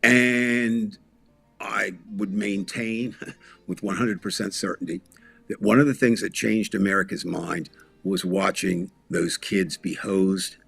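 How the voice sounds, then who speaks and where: A man co-hosting a political talk show, speaking in a measured, storytelling way. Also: sits low, steady tone, creaky, a bit bright, husky, no room sound, faint music behind. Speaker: podcast co-host.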